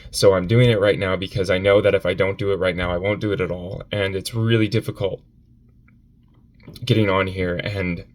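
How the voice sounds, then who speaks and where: A man giving a confessional vlog on his phone, upset and near tears, speaking haltingly and repeating himself between sighs. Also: sits low, level tone. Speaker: vlogger.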